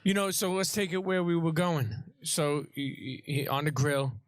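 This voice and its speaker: Male host, somewhat high voice, relaxed and chatty, asks loose questions. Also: moderate pace, a little hiss or hum. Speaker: podcast host. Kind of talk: casual interview chat.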